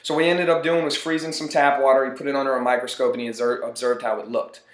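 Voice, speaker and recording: A man's voice: medium pitch, little pitch movement, fast talker. Earnest male motivational speaker, mid-range voice, echoey room. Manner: earnest, repeats phrases for emphasis. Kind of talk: motivational monologue. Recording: roomy echo.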